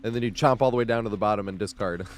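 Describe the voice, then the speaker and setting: A man's voice: medium pitch, darkish tone. Laid-back rambling male game streamer. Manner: rambling, laughs often, swears casually. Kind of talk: casual live-stream chat. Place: home streaming setup.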